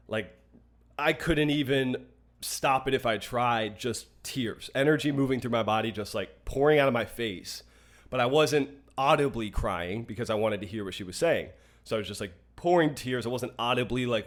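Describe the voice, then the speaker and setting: A man's voice: medium pitch, fairly bright tone. A young man co-hosting a podcast, telling an emotional personal story in an earnest, open way with frequent restarts. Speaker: podcast co-host. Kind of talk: casual podcast conversation.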